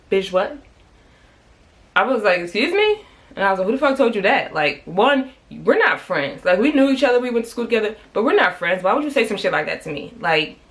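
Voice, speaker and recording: Woman in her thirties, vlogger, rapid talker with a bright, forceful voice, blunt and salty. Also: low voice. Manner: candid, profane, heated retelling. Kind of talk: casual storytelling to camera.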